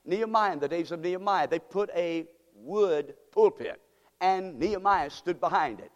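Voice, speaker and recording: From the pulpit of a church sanctuary, a pastor questions his congregation rhetorically in an expressive, high-pitched voice at normal speed. The highs are cut off in the recording, which carries a long hall reverb.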